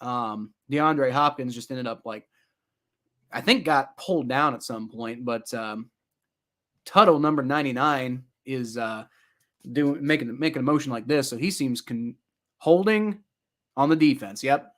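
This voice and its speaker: A young man giving casual live play-by-play reaction to a football game, rambling with many fillers and getting loud and exasperated at times. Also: medium pitch, unhurried. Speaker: sports reaction streamer.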